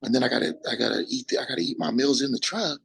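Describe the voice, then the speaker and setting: A young man, a bodybuilder, telling his story in a casual interview, animated and full of restarts, acting out quotes. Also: mid-range voice, very fast, low-quality recording. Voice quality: gravelly, husky. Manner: animated, acts out quotes, frequent restarts and profanity.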